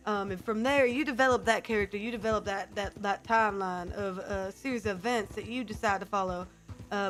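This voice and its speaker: A woman's voice: on the high side, a bit bright. A woman streamer chatting casually to her viewers, keeping up a put-on character accent, with lots of fillers.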